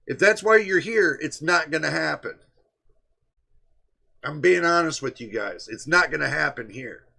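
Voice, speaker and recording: A man's voice: fairly high pitch, animated, a little slow, vocal fry, pauses often, sharp tone, slightly rough. A man hosting a tech live stream, talking straight to his chat in an emphatic, repetitive way. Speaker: livestream host. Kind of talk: casual livestream chat.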